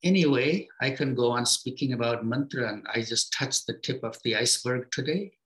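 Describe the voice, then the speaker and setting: A man giving a spiritual talk to his students as their teacher, speaking gently in short, unhurried phrases with pauses and simple everyday comparisons. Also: mid-range voice, rough recording.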